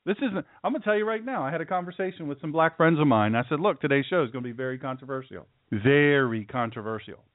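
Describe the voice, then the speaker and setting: Sarcastic radio guy ranting on his show, pitch jumps all over, thin phone-like sound. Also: lively intonation, very fast, hardly any pauses, dry recording. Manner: sarcastic, mocking, puts on caricature voices. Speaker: radio talk show host. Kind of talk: opinionated talk radio monologue. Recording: dry, phone-like radio audio.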